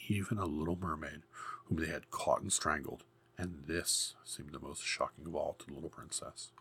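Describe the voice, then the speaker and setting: Deep, gravelly male storyteller. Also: moderate pace, a bit bright. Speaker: narrator. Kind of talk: storybook narration.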